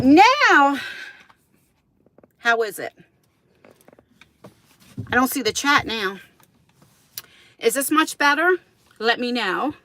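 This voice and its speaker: A woman's voice: high-pitched, sharp tone. A woman chatting casually with her viewers on a livestream, rambling and greeting people in the chat, filmed on a phone held on a selfie stick, first outdoors in the wind and then in a parked car. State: out of breath. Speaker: vlogger hosting a livestream.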